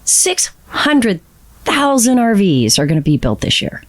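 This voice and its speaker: A woman co-hosting a casual podcast chat, reading out statistics with fillers and drawn-out emphasis. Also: medium pitch, very animated. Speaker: podcast co-host sharing industry statistics.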